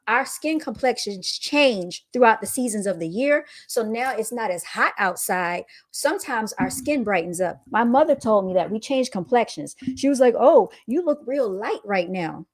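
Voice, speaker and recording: A woman's voice: fairly high pitch, expressive, moderate pace, few pauses. A young woman hosting a casual livestream, reading viewer comments aloud and answering them with amused, laughing retorts. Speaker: livestream host reading chat.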